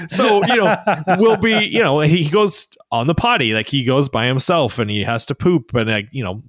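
A man in his thirties, a podcast co-host, telling stories in a casual, animated way and laughing often. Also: no room sound, clean studio sound. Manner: animated storyteller, laughs often, high child voices in quotes. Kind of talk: casual chat.

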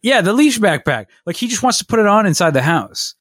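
Male co-host, 30s, rambling chatty storyteller, slightly high pitch, dry sound. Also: big pitch swings, brisk, a bit bright, no room sound. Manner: rambling storyteller, lots of fillers and laughs. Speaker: podcast co-host. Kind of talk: casual chat.

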